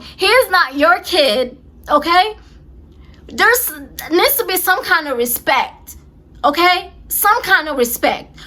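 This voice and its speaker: A woman in her twenties telling a storytime vlog, emphatic and animated, on the verge of tears. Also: high voice. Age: 20s. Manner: animated, emphatic retelling with many repeats. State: close to tears. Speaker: vlogger.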